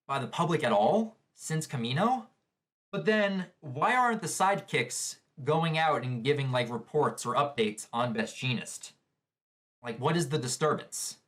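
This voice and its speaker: Excitable man reacting to anime. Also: a little high. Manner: excitable, chuckles often, thinks aloud with questions. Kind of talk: casual reaction commentary.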